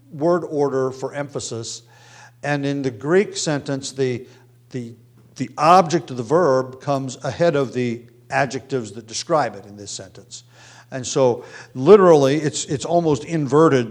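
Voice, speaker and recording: Halting, soft-trailing male Bible teacher. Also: mid-range voice. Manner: halting, with many ums and restarts.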